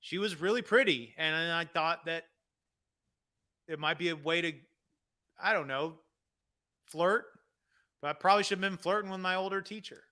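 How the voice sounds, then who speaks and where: A male comedy host reads out viewer questions and rambles in a casual, self-deprecating way, full of fillers. His voice is somewhat high and very bright and sharp. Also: normal speed, pauses often. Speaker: comedy wrestling show host.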